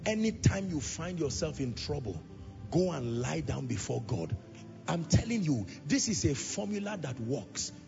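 A male preacher delivering an impassioned sermon, repeating lines and swelling into shouts and half-sung phrases. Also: on the high side, big pitch swings, measured pace, gravelly. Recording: reverberant hall, dull lo-fi sound, music behind.

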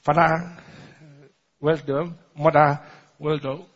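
A man's voice: fairly high pitch, flat delivery, takes it slowly, slightly rough. A man, preaching a sermon as pastor, asking the congregation questions and laughing often. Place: large church hall. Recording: muffled recording in a large echoing church hall.

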